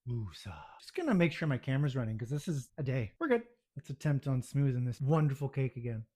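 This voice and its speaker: A man's voice: mid-range voice, very animated, fast, dark tone. A man narrating his own home baking video, muttering to himself with self-deprecating exasperation as things go wrong in his kitchen.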